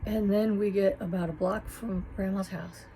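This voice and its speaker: A woman telling a personal childhood story in a reflective, halting, emotional way. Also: mid-range voice, fairly even intonation, mellow, a little hiss or hum, poor audio.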